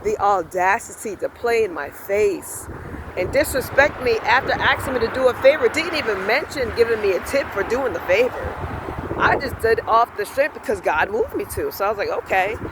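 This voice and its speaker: Guy with a really high lively voice cussing thru a story outside, loud street noise behind him. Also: normal speed. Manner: animated, profane, acts out both sides of an argument. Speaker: self-styled spiritual vlogger. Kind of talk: casual storytelling rant.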